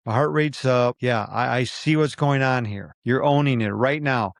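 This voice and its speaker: A man's voice: medium pitch, dry recording, studio quality. A man hosting a podcast, giving an emphatic motivational talk in a coaching tone, repeating his points for weight. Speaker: podcast host.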